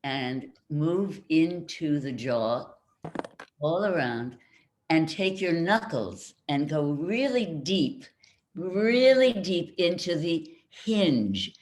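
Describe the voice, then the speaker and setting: An older woman voice coach on a video call, leading a group warm-up in an energetic, coaxing way and repeating her instructions. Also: deep voice, slow pace.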